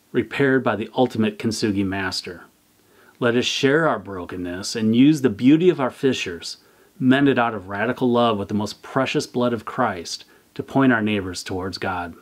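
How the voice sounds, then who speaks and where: A man who is a church's communications director, reading a scripted devotional in a measured, earnest way. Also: on the low side.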